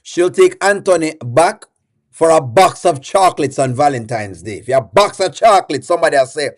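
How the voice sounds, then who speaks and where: A man's voice: a little high, animated, brisk. A man hosting a live-stream reaction show, chatting and putting questions to his viewers while reading their comments aloud.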